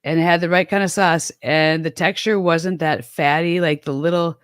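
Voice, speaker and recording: A woman's voice: low voice, steady tone, moderate pace, clear, resonant tone, no echo, clean studio sound. A middle-aged woman from the American Midwest, chatting casually as a host, rambling and self-deprecating with many restarts. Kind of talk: casual chat.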